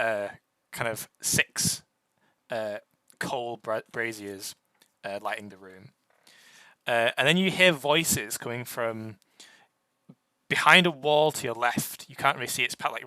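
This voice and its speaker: Young man as game master, bright tone, dry close mic, stop-start narration. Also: medium pitch, no room sound. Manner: halting, many fillers and restarts.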